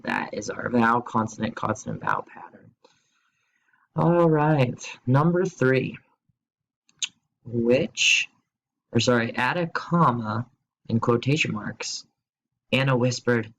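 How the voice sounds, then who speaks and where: A man's voice: mid-range voice, very animated, gravelly, a bit bright, low-quality recording. Playful man teaching a grammar lesson. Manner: playful, asks quiz questions and jokes; slow, spelled-out explanations. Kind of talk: recorded remote grammar lesson.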